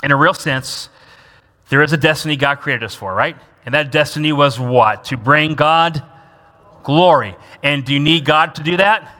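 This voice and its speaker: A man with a somewhat high voice preaches at a moderate pace, bright and forceful. As pastor in the sanctuary he emphatically repeats key phrases and gets the congregation to answer with them, all in the long reverb of a big hall.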